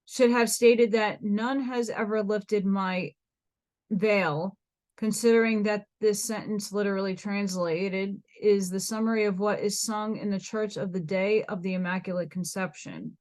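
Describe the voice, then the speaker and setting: A woman's voice: medium pitch, a little mellow. An American woman reading a dense old book aloud, stumbling over hard words and restarting them. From United States. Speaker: reader.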